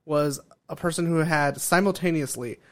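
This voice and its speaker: A man's voice: a little high, normal speed, fairly bright tone. Laid-back man telling stories on a podcast. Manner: laid-back storyteller, casual swearing. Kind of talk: casual chat.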